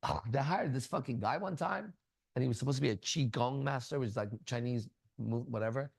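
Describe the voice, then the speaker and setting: A man's voice: medium pitch, a little fast, vocal fry, no room sound. A man teaching in a casual spiritual talk, blunt and crude, full of profanity as he tells stories. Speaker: ministry teacher.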